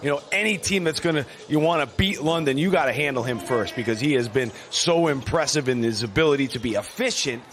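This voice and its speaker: A man, a basketball coach, giving measured and thoughtful post-game analysis. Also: medium pitch, expressive, a bit bright.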